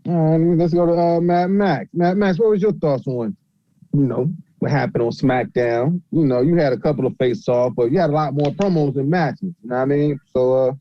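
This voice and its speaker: A man's voice: a little high, brisk, dry recording, dull audio. A man hosting a podcast, easygoing and casual, handing the floor to others with questions. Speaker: podcast host. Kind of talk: casual chat.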